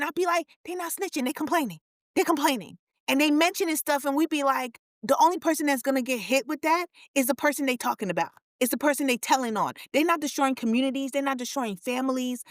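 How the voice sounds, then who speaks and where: A woman's voice: a little high, no echo, studio quality. A woman co-hosting a casual podcast chat, emphatic and repetitive as she draws out her points. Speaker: podcast co-host.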